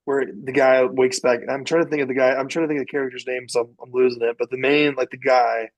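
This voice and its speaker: A man's voice: mid-range voice, steady tone, fast talker, dull audio. A man co-hosting a podcast in casual chat, enthusiastic and often checking in with his co-host. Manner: enthusiastic, often asks "you know what I'm talking about?".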